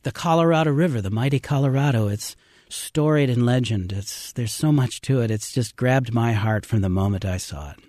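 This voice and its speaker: A middle-aged man, a river rafting trip leader, telling stories as an interview guest in an earnest, halting way full of fillers. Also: mid-range voice, mellow, no echo, studio quality.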